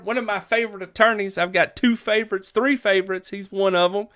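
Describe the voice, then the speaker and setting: A man with a drawl hosts a live lawn care stream, his voice sitting a bit high for a man. He talks in an upbeat, folksy way, calling out viewers by name and swinging between excited shout-outs and practical advice. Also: a little fast.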